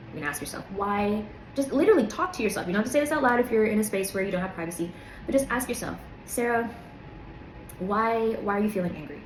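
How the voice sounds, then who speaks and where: A woman's voice: mid-range voice, a little mellow. A woman talks straight to the viewer in a self-help video, guiding them through their emotions with earnest coaching. She repeats key words for emphasis. The room around her is reverberant, and a faint background hiss sits beneath her voice. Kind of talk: motivational self-help talk to camera. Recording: echoey room.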